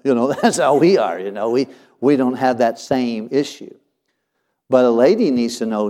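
A middle-aged man who works as a pastor, talking about his counseling work in a relaxed, folksy way. His voice is mellow and warm, at an ordinary pitch. He drifts into homespun sayings and often restarts his sentences. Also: normal speed. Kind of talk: casual talk about counseling.

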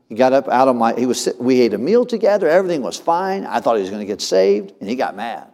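A male pastor telling a personal story in a sermon, earnest and often dropping to a soft low voice. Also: very animated, fast, hardly any pauses. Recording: long hall reverb.

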